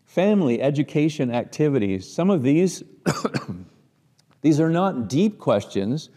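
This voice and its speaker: Warm Midwestern man teaching a church class. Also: fairly high pitch, big pitch swings, slow pace, long pauses, in a large hall. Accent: Midwestern American. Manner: conversational, rhetorical questions, frequent restarts.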